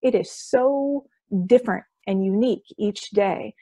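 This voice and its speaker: A woman, a hypnosis practitioner, explaining her work with enthusiasm in a conversational interview, often listing things in quick runs. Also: on the high side, mellow, breathy edge, no room sound. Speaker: quantum healing hypnosis practitioner.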